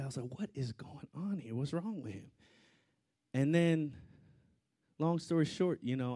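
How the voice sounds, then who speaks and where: A man preaching a storytelling sermon, swinging between loud outbursts and hushed asides. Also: mid-range voice.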